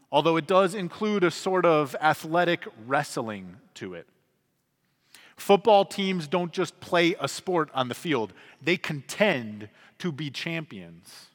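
Pastor, male, 30s, somewhat high voice, earnest conversational sermon delivery, long church reverb. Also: a bit bright. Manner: earnest, conversational preaching with emphatic swells.

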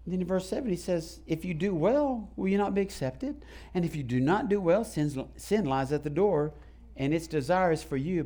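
A man's voice: sits high, animated, moderate pace, mellow. A man preaching a sermon to his congregation in a church, calling out questions to the people. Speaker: pastor. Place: church sanctuary.

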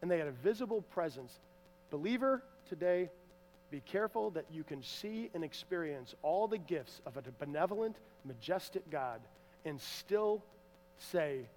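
High-voiced man preaching in an echoing hall. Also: normal speed, a little hiss or hum. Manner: animated preaching, swinging from loud to hushed. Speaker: pastor. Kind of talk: sermon.

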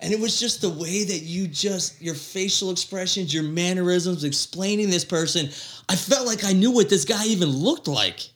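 A man who is a guest on a podcast, chatting casually and telling stories in an excitable way. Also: high-pitched, normal speed. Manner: excitable, laughing storyteller, says dude a lot. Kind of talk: casual chat.

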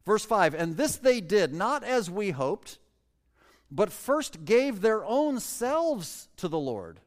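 A pastor preaching a conversational sermon, asking the congregation questions and reading scripture slowly before explaining it in plain words. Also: male voice, sits high, big pitch swings, in a large hall.

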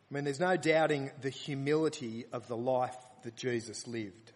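Husky-voiced man preaching in a reverberant hall. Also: mid-range voice, moderate pace, hardly any pauses. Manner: earnest, rising to emphatic scripture reading. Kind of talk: sermon. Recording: long reverb of a large hall.

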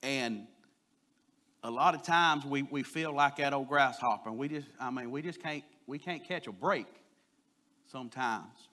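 A man preaching a sermon, telling a folksy story and pushing louder on his key points. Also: mid-range voice, unhurried.

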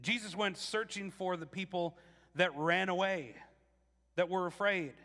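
A man preaching a casual, animated sermon, restarting phrases often and acting out quotes. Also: high-pitched, unhurried, in a large hall. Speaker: pastor.

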